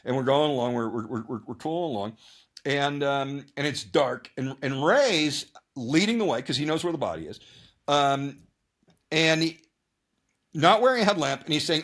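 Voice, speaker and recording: Guest male, lively swinging intonation, rambling storyteller full of restarts. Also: medium pitch, moderate pace. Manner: rambling, animated, many restarts and repeated words; acts out his own thoughts and others' lines in voices. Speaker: guest ultrarunner. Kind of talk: casual storytelling interview.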